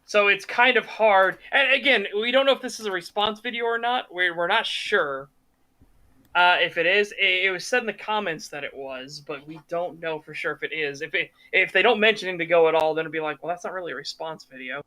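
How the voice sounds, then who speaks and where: A man hosting a podcast, talking games in a casual, animated and opinionated way, swearing freely. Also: sits high, brisk. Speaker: podcast host. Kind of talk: casual gaming commentary chat.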